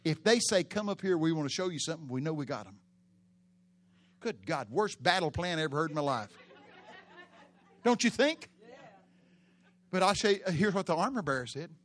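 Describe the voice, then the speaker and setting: A pastor preaching a sermon in a church, telling stories with animated, loud bursts. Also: male voice, a little high, quick pace, a faint crowd.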